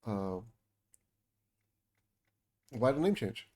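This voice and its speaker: A man's voice: mid-range voice, lively intonation, moderate pace, a little mellow. Chatty male game streamer. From United States. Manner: chatty, joking with chat, reads game lines aloud. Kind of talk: casual gameplay commentary, reading dialogue aloud.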